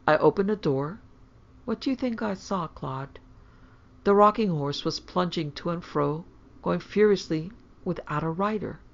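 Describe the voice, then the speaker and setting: A nervous, frightened wife who talks low and anxiously, as a woman reading the story voices her. The tone has a gravelly, creaky grain. The recording sounds slightly dull. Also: unhurried. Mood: uneasy. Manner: hushed, anxious.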